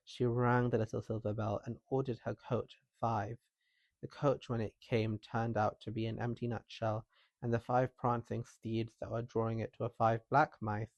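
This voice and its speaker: A man reading a folktale aloud in calm scripted narration, with a soft and calming manner. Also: medium pitch, no room sound, dull audio. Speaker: storyteller.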